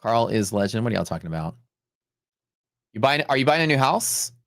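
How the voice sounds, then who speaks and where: A man's voice: medium pitch, sing-song, fairly quick, a bit bright, no room sound, studio quality. A man hosting a live trading stream, telling rambling stories in a casual, chatty way with lots of "like" and "dude". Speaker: livestream host and futures trader.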